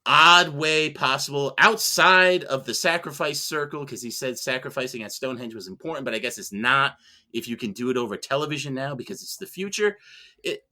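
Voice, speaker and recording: A man's voice: mid-range voice, a little fast, bright, forceful tone. A man arguing as a mock prosecutor on a movie podcast, sarcastic and full of rhetorical questions. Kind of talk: comedic mock-trial argument.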